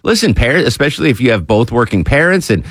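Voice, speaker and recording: A man's voice: mid-range voice, big pitch swings, fairly bright tone, slightly rough, no echo, studio quality. A man hosting a live radio talk show, joking and chatting casually with a caller and his producer. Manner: jokey, quick, ad-libbing with filler. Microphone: studio microphone.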